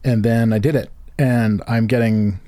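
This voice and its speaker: A man's voice: medium pitch, steady tone, unhurried, dark tone, no room sound, clean studio sound. A man hosting a podcast, chatting casually and telling rambling stories, acting out other people's lines. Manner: rambling storyteller who acts out others' lines. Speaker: podcast host. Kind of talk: casual chat.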